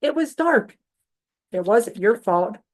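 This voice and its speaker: A woman voicing a patient friend who gently reassures Zippy in a children's lesson. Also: a little high, animated, slow pace. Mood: reassuring.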